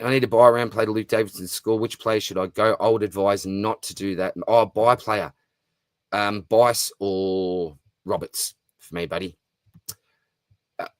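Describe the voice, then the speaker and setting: A middle-aged Australian man hosting a fantasy football livestream, chatting casually and rattling quickly through viewer comments in a matey way. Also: lowish voice, a bit bright, dry recording.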